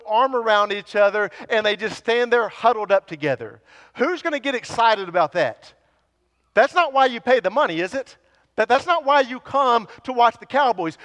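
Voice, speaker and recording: Male preacher, high voice, casual and teasing, emphatic repetition, echoing church hall. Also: a bit bright. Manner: conversational, teasing the congregation, building to emphatic repetitions. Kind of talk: sermon. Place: church sanctuary.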